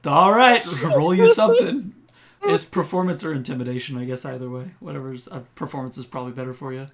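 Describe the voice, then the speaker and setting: A man's voice: mid-range voice, big pitch swings, brisk, crowd noise. A man playing a tabletop game, talking casually and hesitantly and laughing often. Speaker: player.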